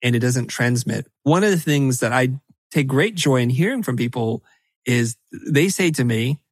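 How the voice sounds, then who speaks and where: A middle-aged man talking as a podcast guest in an animated, emphatic way, often breaking into quick quoted asides. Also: mid-range voice, no room sound. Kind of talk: animated conversational podcast talk.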